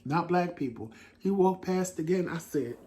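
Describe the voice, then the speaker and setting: A middle-aged man telling stories in a casual chat as a talk show co-host, lively and laughing, acting out what he said. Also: high voice, normal speed. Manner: animated, laughing storyteller who acts out his own quotes. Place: home living room.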